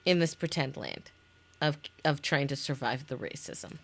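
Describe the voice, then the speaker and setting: Her pitch sits extremely low, with vocal fry, yet she sounds expressive at a moderate pace. She's presenting her own interactive story game in casual conversation, reading scenes aloud, restarting lines and laughing along the way.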